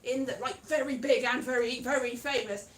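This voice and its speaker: A Welsh woman does stand-up comedy for a live crowd, lively and prone to shouting single words. Her voice is high and bright, and it sounds roomy, picked up from some distance away in the venue. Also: normal speed. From Wales. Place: live show in a pub venue.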